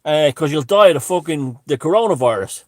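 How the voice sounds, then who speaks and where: A sweary, high-pitched busybody yells in a strained, rising voice, as a man puts him on. Each line comes out loud and pushed. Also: lively intonation, a little fast, no echo, clean studio sound, natural voice. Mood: angry. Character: irate male busybody shouting at a stranger.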